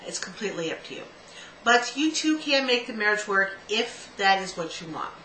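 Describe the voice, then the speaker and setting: A woman's voice: medium pitch, very animated, normal speed, pushed and bright. A middle-aged woman hosting a casual love-advice video, chatty and self-mocking, stumbling over stone names and spelling them out. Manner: self-mocking, laughs at herself. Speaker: host giving love advice. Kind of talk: casual solo video talk. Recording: echoey room with faint background hiss.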